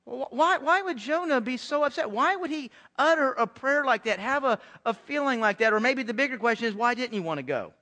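A man with a high, ringing voice preaches a sermon to his church. His delivery is earnest, and he doubles up words as he presses a point home. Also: lively intonation, brisk, few pauses, sharp tone. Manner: earnest, repeats words when stirred. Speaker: pastor. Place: church sanctuary.

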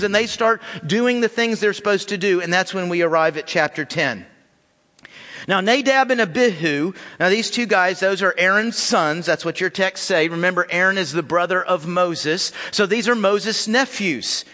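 A man preaching a sermon as pastor, animated and acting out voices. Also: sits high. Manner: animated, acts out voices of biblical figures. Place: large church hall. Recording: church hall with long reverb.

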